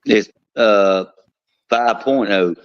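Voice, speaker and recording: Cigar plant guy chatting, kinda halting, muffled lo-fi audio. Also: fairly low pitch. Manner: halting, restarts and trails off. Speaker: guest, cigar plant worker. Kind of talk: casual chat. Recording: dull lo-fi sound.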